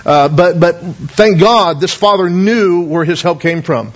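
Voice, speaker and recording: A male pastor with a high voice preaches a sermon in an earnest tone. He reads scripture, prays, puts questions to the congregation and repeats his words as he thinks aloud. The recording is dull and lo-fi. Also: unhurried. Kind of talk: sermon with scripture reading and prayer.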